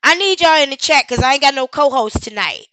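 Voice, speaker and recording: A woman's voice: sits high, expressive, quick pace, sharp tone, no room sound, rough recording. A woman hosting a live stream, commenting over a video with sarcastic, incredulous questions.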